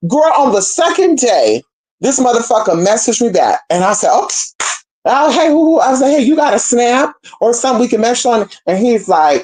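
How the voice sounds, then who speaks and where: A young woman telling a story to her viewers in a casual, profane, animated way, calling them y'all and girl. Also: on the high side, a little fast. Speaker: spiritual practitioner.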